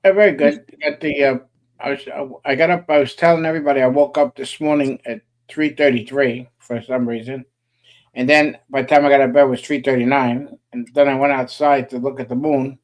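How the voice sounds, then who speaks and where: A man's voice: mid-range voice, steady tone, a little fast. A man co-hosting a casual political chat show, rambling with lots of "uh" fillers and jokey asides. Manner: rambling, many "uh" fillers, joking. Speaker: co-host.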